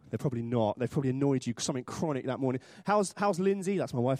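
A British man delivers a chatty, humorous sermon in church. His voice sits a little high and swings lively up and down as he plays out small scenes. The sound is dry and close. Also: fast talker, hardly any pauses, no room sound. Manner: chatty, self-deprecating humor with acted-out voices. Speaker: preacher.

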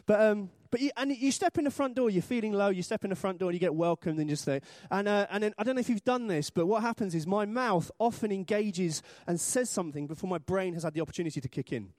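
A British man delivers a chatty, humorous sermon in church. His voice sits a little high and swings lively up and down as he plays out small scenes. The sound is dry and close. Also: fast talker, few pauses, no echo. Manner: chatty, self-deprecating humor with acted-out voices. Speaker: preacher.

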